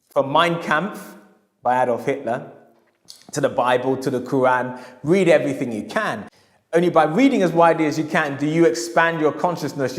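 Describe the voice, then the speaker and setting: A man, a historian telling a story in a lecture, emphatic and repeating his key phrases. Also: mid-range voice. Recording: echoey hall.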